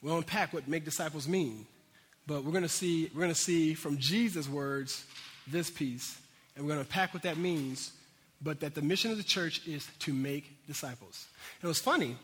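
A man's voice: fairly high pitch, a bit bright, husky, long reverb tail. A man preaching a sermon in a casual, conversational way, with frequent asides to his congregation. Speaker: pastor.

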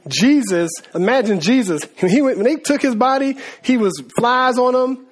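A man's voice: very high-pitched, normal speed. A man giving a conversational Bible teaching, talking informally with slang and calling his listeners guys, and acting out voices from the story. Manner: acts out voices of biblical figures. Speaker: preacher.

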